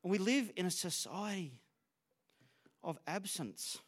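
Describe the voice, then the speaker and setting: High-voiced Australian man preaching. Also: animated, a little slow. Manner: conversational, storytelling, self-disclosing. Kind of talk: sermon.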